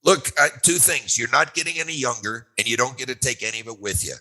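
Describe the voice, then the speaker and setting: Punchy, fast-talking man in his sixties. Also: medium pitch, pushed and bright, rough recording. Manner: emphatic, punchy repetition and rhetorical questions. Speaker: retirement income author and guest. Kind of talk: animated explanation.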